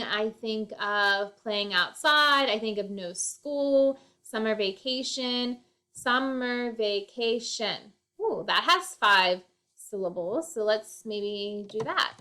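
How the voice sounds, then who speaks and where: Woman teacher, slightly high voice, talks slow and patient, counts out syllables. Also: bright, forceful tone. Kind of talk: recorded remote poetry lesson.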